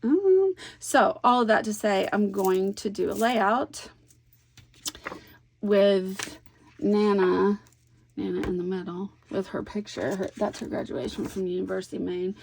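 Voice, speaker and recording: A scrapbooking vlogger chats warmly with her viewers while crafting, her mid-pitched voice gravelly and creaky. She rambles unhurriedly through easygoing stories, slipping into soft asides to herself, against slight background noise.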